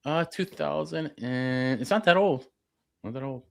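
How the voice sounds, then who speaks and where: A man chatting on a trade podcast, dropping quick agreeing replies and describing a work van setup. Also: on the high side, gravelly. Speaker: podcast co-host, HVAC technician. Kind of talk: casual chat.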